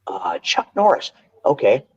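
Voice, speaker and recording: An older man telling stories as a podcast guest, animated and quick to restart his sentences, on dull lo-fi audio. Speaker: guest, martial arts instructor. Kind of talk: casual storytelling interview.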